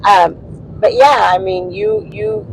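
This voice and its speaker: A high-pitched man talks in loose, rambling bursts, filling gaps with ums and you-knows. He is co-hosting a casual chat from a moving car, with a low engine hum behind him. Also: slow pace, gravelly, low-quality recording. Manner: chatty and rambling, many fillers, laughs easily. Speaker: co-host, spouse of the host.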